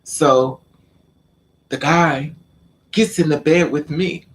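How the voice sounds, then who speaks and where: A man's voice: a little high, steady tone, takes it slowly, slight background noise. A man vlogging, telling a personal story in casual, profane speech and acting out the lines of the people in it. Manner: blunt, profane, quotes people in conversation.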